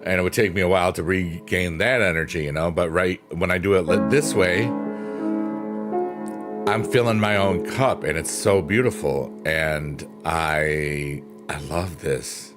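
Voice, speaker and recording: A man with a deep voice streams at a moderate pace, rambling cheerfully in casual chat while playing piano behind his words. He's upbeat and playful, swearing in a jokey way, with the piano music in the background.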